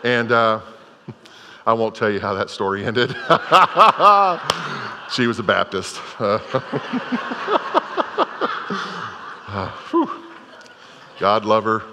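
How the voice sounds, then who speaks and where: A man's voice: fairly low pitch, fairly even intonation, a little slow, pauses often, background noise. A middle-aged man preaching a sermon as a pastor, telling a story in a folksy way with many restarts. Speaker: Methodist pastor. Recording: long hall reverb.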